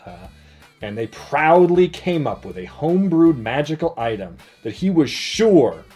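A man's voice: fairly high pitch, sing-song, measured pace, a little mellow, slightly rough, faint music behind. A man co-hosting a casual tabletop gaming chat, talking in a loose, rambling way and reading out listener stories. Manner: rambling, full of "like" and restarts.

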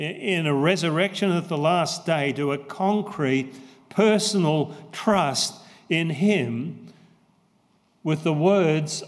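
A man preaching a sermon as pastor, slow and emphatic, repeating his key phrases. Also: fairly high pitch. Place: church. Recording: long church reverb.

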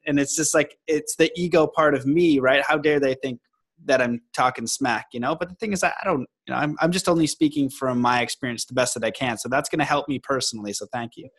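A man hosting a podcast, chatting in a candid, informal way and laughing easily. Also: on the high side. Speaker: podcast host. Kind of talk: casual chat.

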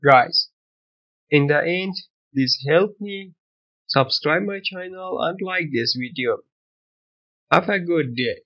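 Tutorial host, male, high voice, slow, simple broken English, dull lo-fi recording. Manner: non-native English with broken grammar, step-by-step instructions. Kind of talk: screen-recorded software tutorial.

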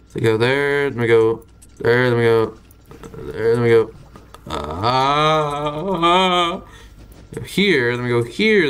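Excitable young man streaming a game. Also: medium pitch, slow pace, pauses often, slight background noise. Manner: excitable, swears, thinks out loud. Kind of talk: live gameplay commentary.

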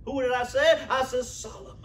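A man's voice: very high voice, fairly even intonation, a little fast, reverberant. A man preaching a sermon to his church, emphatic and rhythmic, repeating his phrases for effect.

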